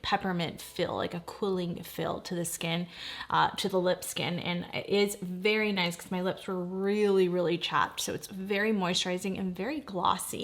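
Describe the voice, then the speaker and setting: A woman's voice: mid-range voice, vocal fry. A woman in her forties reviewing makeup in a casual, gushing way, often exclaiming in delight. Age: 40s. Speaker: beauty vlogger.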